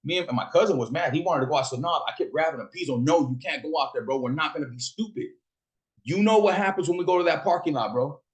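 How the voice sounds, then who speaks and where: A man's voice: a little high, lively intonation, fast. A middle-aged man from Fresno, California, telling a personal story in a casual, profane monologue, acting out the voices of the people he quotes.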